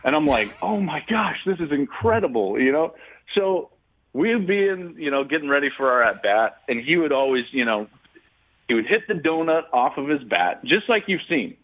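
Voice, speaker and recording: A man, a guest sports analyst, telling a story in an animated way and laughing as he goes. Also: fairly high pitch, moderate pace, narrow, tinny audio. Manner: laughs through his story.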